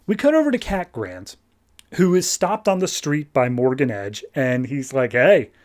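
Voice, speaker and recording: A man's voice: medium pitch, very animated, normal speed, darkish tone. A man hosting a comic book podcast, recapping an issue in a casual, rambling way with wry, sarcastic asides.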